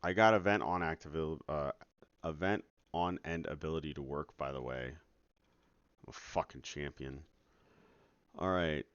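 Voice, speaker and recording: A man's voice: very deep voice, normal speed, fairly bright tone, clear, resonant tone, dry recording. A man streaming his game development from home, talking casually to his audience while he works, exasperated, sarcastic and swearing often. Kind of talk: casual live-stream commentary. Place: at home at night. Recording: dull lo-fi sound.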